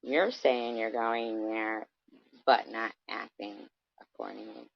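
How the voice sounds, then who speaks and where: A woman's voice: extremely low pitch, steady tone, slow pace, no room sound. A woman rants into her camera, confrontational and cursing freely, at times slipping into mockery. Her voice sits in a middle register and sounds dry and close, with no room around it. The recording is dull and lo-fi, as from a simple home setup. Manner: confrontational, profane, mocking. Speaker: vlogger. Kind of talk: angry livestream rant.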